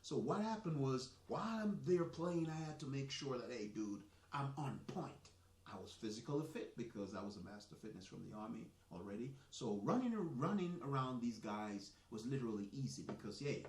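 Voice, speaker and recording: A man with a Jamaican accent hosting a soccer live stream, talking in a chatty, boastful, rambling way. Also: lowish voice. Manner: animated, boastful, chatty with restarts. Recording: echoey room, mic at a distance.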